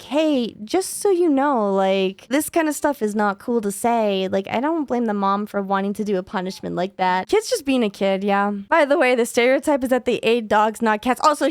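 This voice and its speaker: A woman hosting a reaction video, chatting casually with frequent "like" fillers and quick exclamations. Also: on the high side, no room sound. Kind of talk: casual commentary reading and reacting to online posts.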